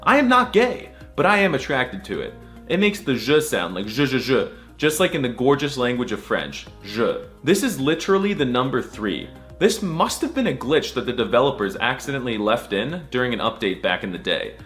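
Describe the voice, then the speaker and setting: Playful man, lively voice. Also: normal speed, soft background music. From United States. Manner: mock-serious, playful, repeating sounds, sudden squeaky outbursts. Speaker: comedic language teacher. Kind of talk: comedic alphabet lesson.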